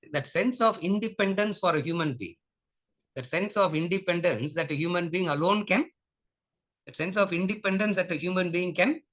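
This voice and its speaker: A man's voice: sits high, fairly bright tone. A man with a Tamil English accent teaching a spiritual lecture class, repeating his points and often asking the class whether they follow, slipping Tamil phrases into his English. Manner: repetitive, questioning, mixes Tamil into English.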